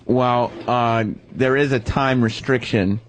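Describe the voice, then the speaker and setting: A man on a radio talk show asking calm, deadpan questions. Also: medium pitch, slow, a little hiss or hum.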